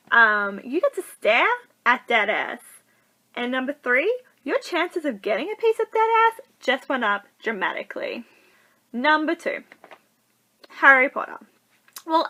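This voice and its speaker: A young woman talking straight into her camera in a loose, rambling way, full of "like" and playful voices for the people she quotes. Her voice is bright and sits a bit high. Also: poor audio. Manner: chatty, full of likes, acts out quoted people. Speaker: vlogger. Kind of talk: casual advice vlog.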